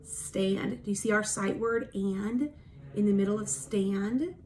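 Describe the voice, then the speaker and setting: A woman teacher giving a recorded phonics lesson for young children, slowly modelling sounds for them to repeat and praising them patiently. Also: mid-range voice, a little mellow, a little hiss or hum. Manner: encouraging, patient. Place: at home.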